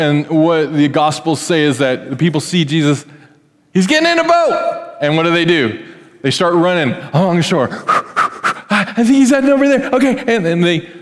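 A man preaching a sermon in a church, telling the story in a conversational, animated way and acting out the quotes. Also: a little high. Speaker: pastor. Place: church hall. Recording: echoey church hall.

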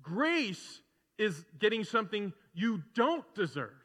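A middle-aged man preaching a sermon as pastor in a conversational way, building to loud, emphatic repetition. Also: high voice, big pitch swings, slow pace. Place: church sanctuary. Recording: long hall reverb in a church.

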